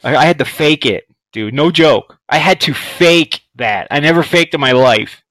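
A man's voice: a little high, animated, normal speed, a bit bright, poor audio. A man co-hosting a podcast in crude casual chat, telling stories and acting out both sides of conversations with frequent laughs. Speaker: podcast co-host.

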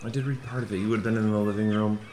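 A woman's voice: rumbling low, steady tone, very fast, dark tone, roomy sound, slight background noise. A woman player chatting casually and offhandedly at a tabletop game.

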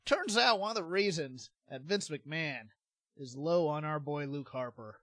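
A man's voice: fairly high pitch, expressive, moderate pace, fairly bright tone, no room sound. A man hosting a podcast, telling stories casually and laughing often. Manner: chatty storyteller, laughs often, frequent restarts. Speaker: podcast host. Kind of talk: casual chat.

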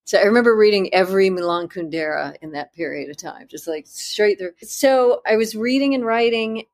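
Woman author, interview guest; candid and self-deprecating, halting restarts, mid-pitched voice. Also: lively intonation. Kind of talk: conversational interview storytelling.

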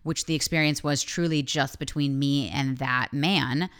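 Woman, low smooth voice, podcast host, candid solo monologue, frank and animated. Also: a little slow. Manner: frank, animated, swears freely.

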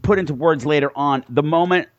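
A man's voice: a little high, brisk, lo-fi sound. A man co-hosting a casual film podcast, recapping the plot and dropping dry, wry jokes. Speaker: podcast co-host. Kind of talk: casual movie discussion.

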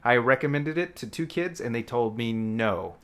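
A man co-hosting a podcast in goofy, joking banter, loud and excitable. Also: medium pitch, normal speed. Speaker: podcast co-host.

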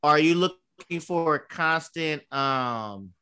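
A man's voice: on the high side, expressive, slow pace, pushed and bright, clear, resonant tone. A man in his thirties co-hosting a podcast, telling stories in a loose, profane way with lots of fillers. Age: 30s. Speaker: podcast co-host. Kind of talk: casual chat.

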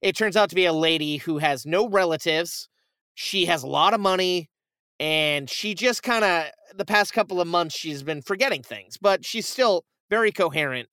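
Man, high voice, bright tone, dry close sound, casual movie recap, animated, swears. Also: clean tone, dry recording. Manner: animated storytelling, swearing, quick quoted asides.

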